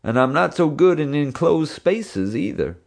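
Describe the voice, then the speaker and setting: A man plays a burly policeman reduced to whimpering fear, his voice pushed well above its usual depth. The words come slowly and shakily, like a big man who has lost all his nerve. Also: fairly high pitch, very animated, creaky, voice pushed up, exaggerated voice. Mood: terrified. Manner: whimpering, fearful. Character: big tough male policeman, now terrified.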